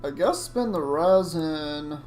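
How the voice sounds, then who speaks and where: A man's voice: fairly high pitch, animated, slow pace, a little mellow. A man streaming a video game, chatting casually and reacting aloud to what happens on screen. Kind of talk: casual gameplay commentary. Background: game music.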